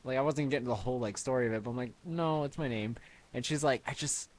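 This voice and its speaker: A man's voice: mid-range voice, quick pace, darkish tone, slight background noise. Laid-back young male podcast host. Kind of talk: casual chat, storytelling.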